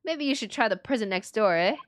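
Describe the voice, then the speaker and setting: A woman's voice: fairly high pitch, animated, quick pace, no room sound, lightly acted. A woman voicing a hostile male prison governor with a put-on Scottish accent and a brusque, threatening manner. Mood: gruff.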